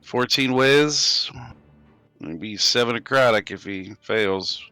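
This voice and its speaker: A man's voice: mid-range voice, slow pace, clean tone, dry recording, faint music behind. A man playing a tabletop game, talking casually and hesitantly, with sighs. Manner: sighing, hesitant, relaxed. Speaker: player.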